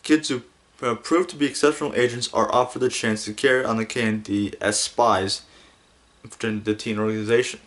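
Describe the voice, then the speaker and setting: Male podcast host, casual monologue, rambling, giggly, mid-pitched. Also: fairly even intonation, a little fast, a bit bright.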